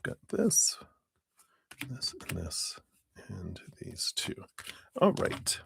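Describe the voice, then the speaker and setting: A man's voice: low voice, huge pitch swings, very slow, gravelly, fairly bright tone, a little hiss or hum. A man hosting a live tarot reading stream, greeting viewers by name in a friendly, casual way and chuckling often.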